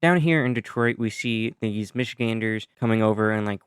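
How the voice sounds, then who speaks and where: A man's voice: on the low side, moderate pace, clean tone, no room sound. Brief: casual male video narrator, dry close-mic sound, talks through events with asides. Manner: chatty, explains with asides and self-corrections. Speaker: YouTube narrator. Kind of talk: casual narration of a map simulation.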